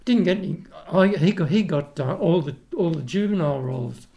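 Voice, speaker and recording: An older man with an Australian accent chats easily, spinning one anecdote into the next. His voice sits a touch high and carries a gravelly crackle. He often loops back and restarts his sentences before carrying the story on. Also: animated, a little fast, warm tone, highs cut off. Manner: rambling anecdotes with frequent restarts and laughs. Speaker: guest, retired opera tenor. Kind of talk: casual chat, storytelling.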